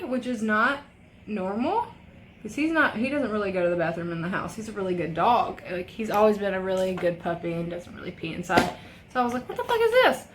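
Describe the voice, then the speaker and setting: A woman's voice: mid-range voice, a bit bright, slight background noise. Young woman doing her makeup on camera, rambly and sweary, super casual. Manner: rambling, profane storytelling. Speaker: beauty vlogger. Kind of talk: casual makeup tutorial chat.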